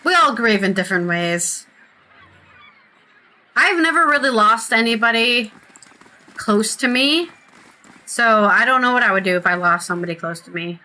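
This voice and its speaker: Woman streamer playing an rpg, chatty, reads quests out loud, bright kinda high voice. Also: normal speed, long pauses. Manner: chatty, reads quest text aloud and reacts. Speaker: gaming streamer. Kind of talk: casual let's play commentary.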